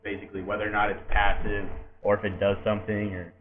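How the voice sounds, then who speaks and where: A man's voice: on the low side, flat delivery, quick pace. A young man co-hosting a podcast, laid-back, explaining game details in casual chat. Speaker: podcast co-host. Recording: tinny echoey lo-fi room with faint noise.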